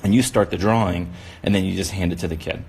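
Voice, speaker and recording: Here a kids' drawing instructor runs a laid-back demonstration, full of encouragement, rambling asides, and "you know" fillers. His deep voice moves at a quick pace and is a little mellow with a breathy edge.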